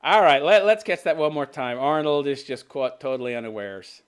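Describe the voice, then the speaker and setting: A man's voice: mid-range voice, normal speed, a little hiss or hum. A man in his fifties hosting a ranting commentary show, mocking and profane, often breaking into laughter. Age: 50s.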